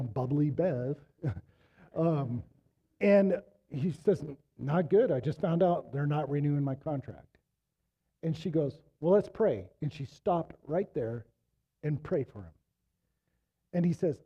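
Man, middle-aged, pastor, fading voice, casual storytelling sermon, muffled lo-fi sound. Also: fairly high pitch. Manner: conversational storytelling, rising to emphatic exhortation. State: losing his voice.

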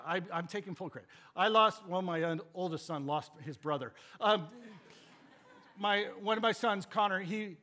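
A man preaching a sermon, telling a family story in an animated, joking, rambling way before turning to scripture. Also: high-pitched. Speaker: pastor.

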